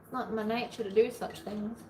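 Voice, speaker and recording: A woman hosting a long sewing livestream in casual chat, playfully narrating each step aloud, her voice a little hoarse from hours of talking. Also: medium pitch, fairly even intonation, a little fast. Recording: echoey room, faint background noise.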